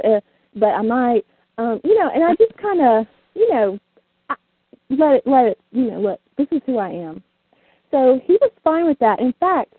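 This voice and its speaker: A woman with a gravelly, husky voice tells bawdy stories candidly and laughs often. She comes through a tinny, dry phone line. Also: a little high, no echo. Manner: frank, bawdy storytelling with frequent laughter. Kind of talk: casual chat. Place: small southern town.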